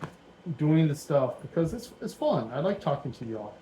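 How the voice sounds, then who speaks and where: A man's voice: on the high side, big pitch swings, normal speed, warm tone, a little hiss or hum, low-quality recording. A man in his forties giving casual, rambling commentary while he builds a Lego set at home, thinking aloud as he goes. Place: dim room at home.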